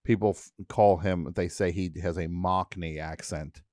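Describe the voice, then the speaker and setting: A radio show host with a lowish, slightly mellow voice tells a story in relaxed studio chat, unhurried and with fairly even intonation yet genuinely animated. He keeps slipping into goofy impressions and mock accents, and the close studio microphone gives a dry sound with no room.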